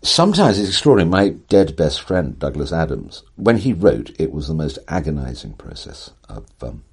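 An older man with an exceptionally deep, husky voice, speaking as an interview guest. He talks in eloquent, wry, theatrical sentences, reaching for vivid phrasing. His pacing leans on rhythm and emphasis. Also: sing-song, moderate pace. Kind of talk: animated conversational storytelling.

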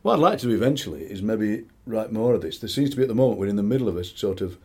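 A middle-aged man with a Barnsley accent, a poet chatting in an interview and reading his poems, lively and fond of doing voices. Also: fairly low pitch, very fast, breathy edge. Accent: Barnsley, South Yorkshire. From South Yorkshire, England. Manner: animated storyteller, slips into quoted voices. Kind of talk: conversational interview with poetry reading.

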